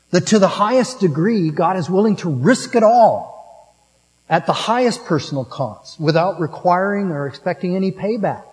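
A male preacher tells stories through his sermon, at times pressing a line hard and at times letting it fall quiet. His voice is pitched somewhat high for a man, and a long hall reverb trails behind every phrase. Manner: storytelling, swings between emphatic and hushed.

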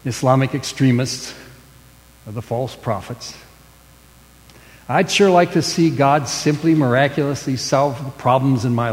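Emphatic preacher man in a reverberant hall. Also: mid-range voice. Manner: emphatic, swings between loud stresses and hushed endings. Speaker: pastor. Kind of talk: sermon.

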